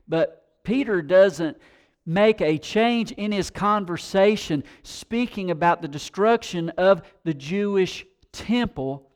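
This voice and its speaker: A male pastor preaching a sermon, telling stories with animated emphasis and rising intensity. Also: high voice.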